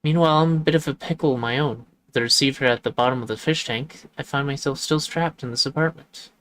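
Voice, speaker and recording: A man's voice: mid-range voice, fast, fairly bright tone, slight background noise, close to an everyday voice, low-quality recording. A man reading the lines of a thoughtful male ghost detective in a fairly plain voice. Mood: pensive.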